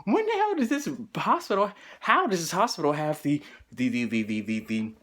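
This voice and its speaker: A man telling a personal story in a vlog, animated and profane, jumping into high excited voices when quoting himself. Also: moderate pace.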